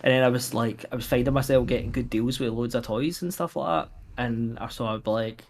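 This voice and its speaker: Scottish dude on a podcast, chatty storyteller, mid-pitched voice. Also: male voice, fairly even intonation, brisk. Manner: storytelling, laughs easily, repeats words. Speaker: podcast co-host. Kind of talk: casual chat.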